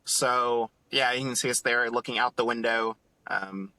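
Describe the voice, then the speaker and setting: A man on a casual podcast, telling a story in an animated, excited way and acting out what others said. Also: medium pitch, unhurried. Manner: animated, acts out quotes in other voices. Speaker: podcast co-host.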